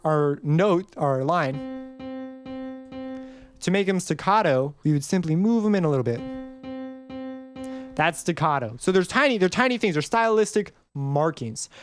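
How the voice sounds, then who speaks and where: He has a smooth, high-pitched voice with no echo. Hosting an informal music theory tutorial recorded on screen, he rambles his way through explanations and sings example notes for each marking.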